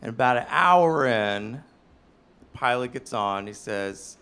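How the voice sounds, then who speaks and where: A man in his thirties telling a self-deprecating story on stage, animated and swinging between loud and hushed. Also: medium pitch, slow, smooth. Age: 30s. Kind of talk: live storytelling performance.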